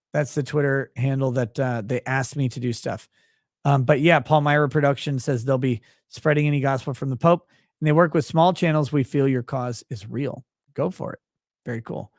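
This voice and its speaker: A man talks through a loose, profane livestream ramble, reacting to chat as he goes. His voice sits a bit on the high side for a man. The sound is dry and close, with no room around it. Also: no echo. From Minnesota, USA. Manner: profane, rambling, laughs often. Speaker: livestream host reading chat.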